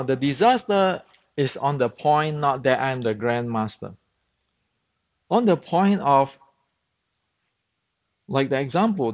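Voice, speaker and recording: A man whose first language is Chinese speaks slowly and deliberately at a mid pitch. He holds forth bluntly in simple, broken English, stumbling and repeating words as he goes. The recording sounds dull and muffled. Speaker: Wing Chun instructor. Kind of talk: opinionated monologue.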